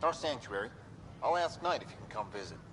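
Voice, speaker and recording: A man's voice: medium pitch, lively intonation, fairly quick, fairly bright tone, natural voice. An actor playing an earnest, reassuring male hacker from an underground movement in a video game. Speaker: game character. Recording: audible background noise.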